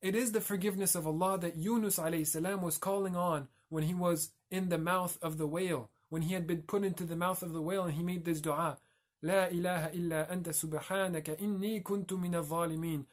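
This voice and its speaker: A man's voice: high-pitched, fairly even intonation, a little fast, few pauses. A man giving a reflective religious talk as a teacher, explaining and carefully pronouncing Arabic terms.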